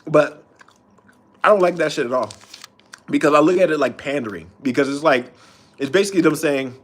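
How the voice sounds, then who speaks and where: A man's voice: fairly high pitch, brisk, pauses often. A man streaming, ranting in a loose, profane way with frequent restarts. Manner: profane, rambling, restarts often. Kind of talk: casual rant.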